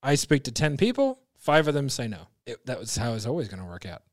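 A man's voice: mid-range voice, sing-song, a little fast, no echo, clean studio sound. Blunt, profane man talking shop. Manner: blunt, profane, emphatic, with many restarts. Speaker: sales professional guest. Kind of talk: casual podcast conversation.

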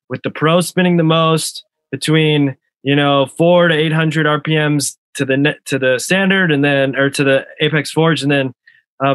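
A man's voice: fairly high pitch, fairly bright tone, dry recording. A man hosting a casual podcast discussion, thoughtful and leading the talk with questions.

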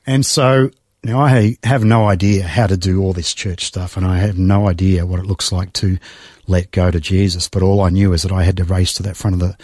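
A middle-aged man tells his own story as an interview guest, his low voice catching with feeling and breaking into sighs and restarts. The sound is dry and close, with no room around it. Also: a little mellow, dry recording. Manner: emotional, reflective storytelling with sighs and halting restarts. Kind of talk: personal testimony in conversation.

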